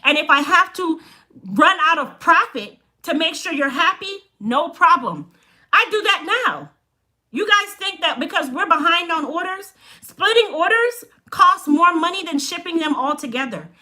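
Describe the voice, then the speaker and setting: Blunt, bright-voiced Chicago woman. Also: very high-pitched. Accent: Chicago with Jamaican touches. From Chicago, United States. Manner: blunt, straight-talking, animated. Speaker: hair care business owner. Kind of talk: casual live-stream storytelling.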